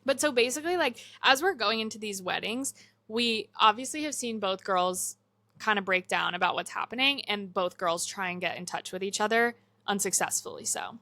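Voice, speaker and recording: Young woman, podcast cohost, bright voice, animated retelling, casual chat, dry close sound. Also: mid-range voice, moderate pace, no room sound. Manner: animated retelling, acts out movie lines.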